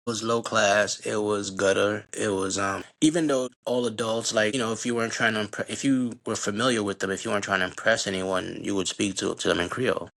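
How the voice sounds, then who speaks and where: Middle-aged haitian-born guy, lowish gravelly voice, loose slangy storytelling. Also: steady tone, fairly quick, few pauses, a bit bright. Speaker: guest. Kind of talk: casual storytelling conversation.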